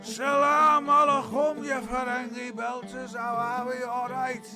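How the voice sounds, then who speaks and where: A man's voice: very high-pitched, flat delivery, measured pace, music in the background. A man voicing a brash, jaunty mercenary archer captain. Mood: swaggering.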